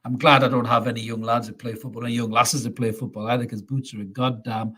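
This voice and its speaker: A man's voice: mid-range voice, level tone, fast, fairly bright tone, breathy edge. A man hosting a casual football fan show, chatty, laughing often and calling people mate. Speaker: fan podcast host.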